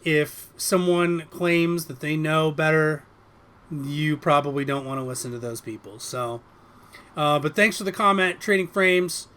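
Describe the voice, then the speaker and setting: A man's voice: a little high, unhurried, bright, forceful tone, clear, resonant tone. A man co-hosting a casual hobby podcast, chatting with friends, laughing often and restarting his sentences. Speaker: podcast co-host. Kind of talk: casual chat.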